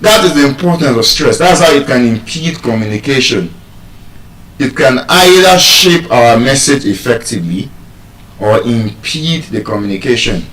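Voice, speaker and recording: A man's voice: medium pitch, moderate pace. A man with a Nigerian accent teaching English pronunciation, quizzing his listeners and calling for answers. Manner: animated, asks the audience questions. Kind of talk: live pronunciation class. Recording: echoey room, mic at a distance.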